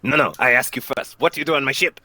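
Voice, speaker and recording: A man's voice: medium pitch, fast talker, bright, forceful tone, no room sound. A man doing a blustering little goblin captain. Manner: blustering, threatening. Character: small boastful male goblin ship captain.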